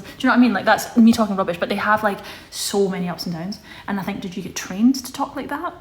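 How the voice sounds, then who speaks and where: A woman's voice: mid-range voice, quick pace, few pauses. Chatty young woman on a live stream. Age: young adult. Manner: chatty, answers viewer comments. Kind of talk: casual live-stream chat. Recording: echoey room with faint ambience.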